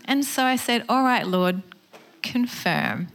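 A woman's voice: on the high side, animated, slow, creaky, fairly bright tone. A woman giving a personal testimony as a guest speaker, speaking in an earnest, conversational way and acting out the voices in her story.

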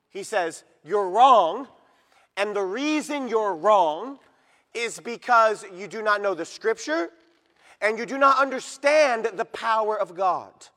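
A middle-aged male pastor preaching a sermon in a church, emphatic and rising to loud peaks as he reads scripture. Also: sits high, lively intonation, measured pace, big-room sound. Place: church sanctuary.

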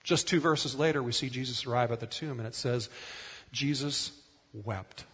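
Earnest middle-aged preacher in an echoing hall. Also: male voice, mid-range voice, fast, a bit bright, slightly rough. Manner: earnest, emphatic, repeats words for stress. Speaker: pastor. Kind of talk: sermon.

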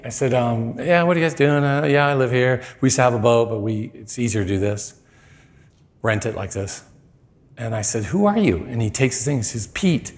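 A man preaching, telling a personal story with lively acted-out quotes. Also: mid-range voice. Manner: animated storyteller, acts out quoted lines. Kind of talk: sermon storytelling.

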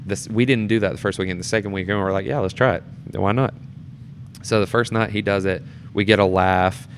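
Young male stage actor, low register, animated casual storyteller, faint room noise. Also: fast. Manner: animated storyteller, voice jumps up in quoted reactions. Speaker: theatre performer and board member. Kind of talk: casual interview chat.

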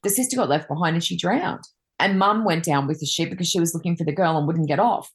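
A woman's voice: lowish voice, fast talker. A woman, a Reiki master and card reader, chatting casually and telling rambling anecdotes with many fillers.

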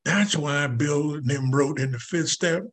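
A man's voice: on the high side, a little slow. An older man giving a folksy, conversational personal testimony at a recovery meeting, speaking straight to the audience.

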